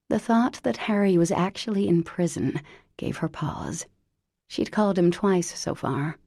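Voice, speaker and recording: Low, gravelly woman audiobook narrator. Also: darkish tone, no room sound, studio quality.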